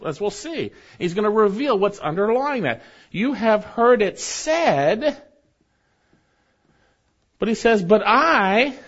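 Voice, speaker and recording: A man preaching an expository sermon as pastor in a church, emphatic and repeating key phrases for stress. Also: very high-pitched. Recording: dull lo-fi sermon recording.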